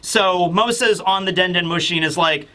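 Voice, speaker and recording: A man hosting a casual manga chapter review, rambling with lots of fillers and dropping into quick voices for the characters. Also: sits high, bright, forceful tone.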